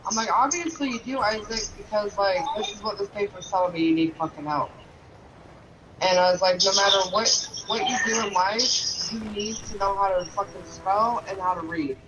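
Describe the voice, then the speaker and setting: A man with a high-pitched voice tells a story in casual, profanity-laced speech that stays emotional throughout. Loud background noise sits behind his voice. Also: normal speed. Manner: heavily profane, emotional retelling. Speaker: parent and game streamer.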